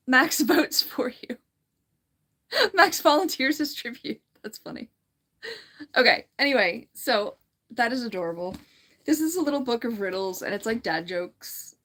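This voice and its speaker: A woman's voice: on the high side, a bit bright. A woman chatty, giggly livestream host. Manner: chatty and giggly, often restarting sentences. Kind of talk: casual livestream chat, reading viewer comments.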